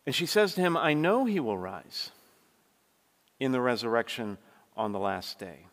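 A man's voice: medium pitch, sing-song, normal speed. Preaching man in a reverberant church. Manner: earnest preaching, dynamic swings from hushed to forceful. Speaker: pastor. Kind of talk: sermon.

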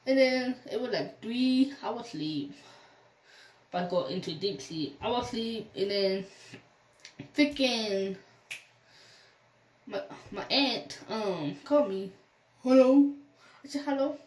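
Young woman with a lively voice in an echoey room. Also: medium pitch, takes it slowly, pauses often. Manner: rambling retelling, acting out quoted phone calls. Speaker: vlogger. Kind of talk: storytime vlog. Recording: echoey room, mic at a distance.

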